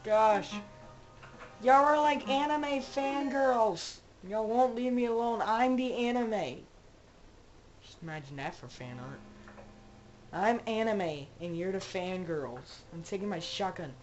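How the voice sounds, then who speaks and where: A woman gives unhurried, casual commentary while playing a game. Her pitch sits mid-range for a woman, and she rambles and jokes as she talks to her characters. Soft game music plays faintly underneath. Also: expressive, dull audio. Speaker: gamer playing a zombie survival game. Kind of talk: casual let's-play commentary.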